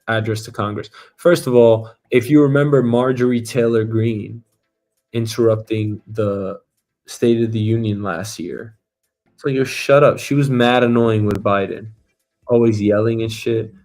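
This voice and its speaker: Blunt, profane man ranting casually. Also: mid-range voice. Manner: blunt, profane, animated with mock voices. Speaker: show host. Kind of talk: casual opinionated commentary.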